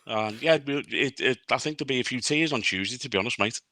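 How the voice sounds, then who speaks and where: A man, telling a family story in casual podcast chat, sentimental and quick to laugh. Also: mid-range voice, crowd noise. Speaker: podcast co-host.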